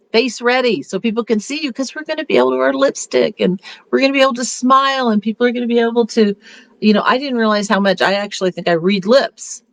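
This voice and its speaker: A woman's voice: a little high, no echo. Chatty, upbeat woman consultant. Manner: chatty and upbeat, with rambling restarts. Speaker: beauty consultant leading a meeting. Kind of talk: casual motivational talk.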